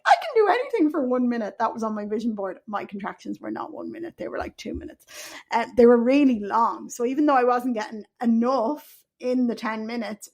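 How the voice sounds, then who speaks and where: A young adult woman with an Irish accent, hosting a podcast and telling a frank personal story with blunt, swearing candour. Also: medium pitch. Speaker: podcast host.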